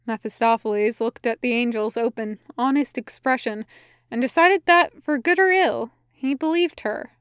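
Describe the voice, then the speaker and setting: A woman's voice: fairly high pitch, normal speed, smooth, dry recording, studio quality. A young woman reading fan fiction aloud, then chatting casually and gushing about the story. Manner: gushing, with fillers in the afterword. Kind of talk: storybook narration, then casual afterword chat.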